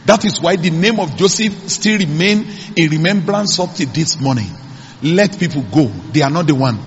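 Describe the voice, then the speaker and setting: A man's voice: a little high, animated, normal speed, muffled recording, a little hiss or hum. A man, preaching a sermon as pastor and calling out to the congregation. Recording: echoey church hall.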